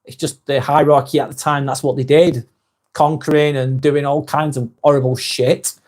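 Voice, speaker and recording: A man's voice: fairly high pitch, flat delivery, normal speed, a little mellow. An English man hosting a live vlog, chatting casually, reading out viewer comments, blunt and swearing freely.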